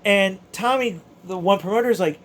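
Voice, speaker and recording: A man, an amateur boxer, excitedly recounting his fight in a casual, emotional way with stumbling restarts. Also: high-pitched, brisk. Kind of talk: casual storytelling to camera.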